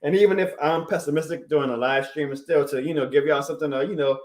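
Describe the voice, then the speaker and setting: A man's voice: on the high side, fast talker, darkish tone, reverberant. A man chatting casually on a live stream, heartfelt and rambling, laughing often and answering chat. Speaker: YouTube sports streamer.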